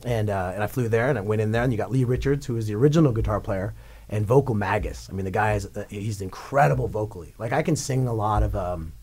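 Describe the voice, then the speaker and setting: A man, a rock singer, telling stories as a guest in a radio studio, rambling and excitable as he acts out what others said. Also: lowish voice, fast talker, breathy edge. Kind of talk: casual storytelling interview.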